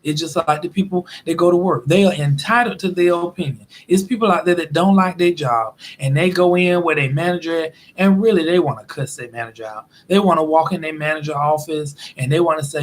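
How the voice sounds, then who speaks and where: A man with a fairly high voice talks straight to his viewers in a loose, casual commentary. He tells his stories in an animated way and breaks into acted-out quotes along the way. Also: a little fast, hardly any pauses, slight background noise. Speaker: vlogger.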